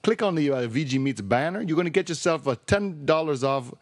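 A podcast host voicing a brash stereotyped Italian-American man, with an exaggerated accent and broken grammar in a playful ad pitch. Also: animated, very fast, darkish tone, no room sound, clean studio sound. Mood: hammy.

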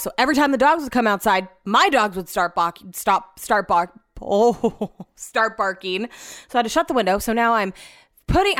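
A woman's voice: mid-range voice, fairly bright tone, dry recording, clean studio sound. A woman hosting a casual solo podcast, venting about her day and swearing freely as she rambles, recorded in her home office. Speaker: podcast host.

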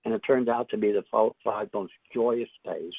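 An older man, an author and interview guest, telling his story in a reflective way, halting often with fillers and restarts. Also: on the low side, vocal fry, breathy edge, dry recording. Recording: tinny phone line.

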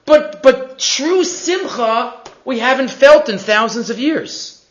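Male Torah teacher, very high and lively voice, animated lecture, muffled recording in an echoey room. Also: slow pace. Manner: animated, asks many rhetorical questions. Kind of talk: weekly Torah class lecture.

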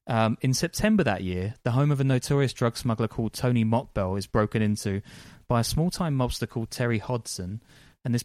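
A man's voice: mid-range voice, darkish tone, dry recording, studio quality. A male podcast host telling a crime story in casual chat, with lots of ums and frequent laughs.

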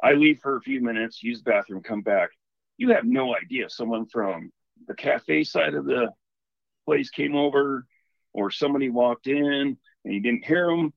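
A man calling in to tell a story in a casual, animated, rambling way. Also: medium pitch, normal speed, creaky, no room sound, dull audio. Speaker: caller telling a ghost story.

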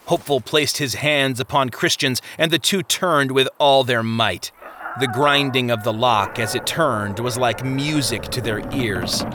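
A man's voice: mid-range voice, a little slow, noisy background. A man narrating an audiobook chapter with vivid, dramatic storytelling. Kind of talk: scripted narration. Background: music.

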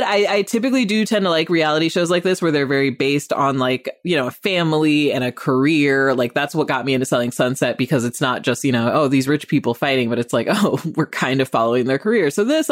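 A woman hosting a casual TV review podcast, talking in an opinionated, animated way with lots of rambling asides. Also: sits low, no echo, studio quality.

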